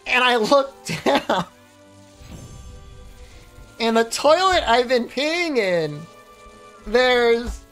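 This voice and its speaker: A woman streamer rambles through a story in a lively, swooping voice and keeps breaking into laughs. Her pitch sits in the middle of the range. Quiet music runs in the background. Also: takes it slowly, long pauses. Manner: rambling, animated, laughs while telling. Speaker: game streamer. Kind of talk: casual storytelling on a live stream.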